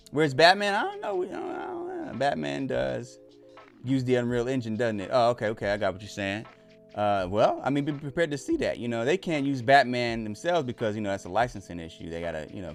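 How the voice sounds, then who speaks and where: Male streamer, mid pitch, very expressive, casual and profane, speech. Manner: animated, laughing, swearing, loud whoops. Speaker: live stream host. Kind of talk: casual live reaction stream chat.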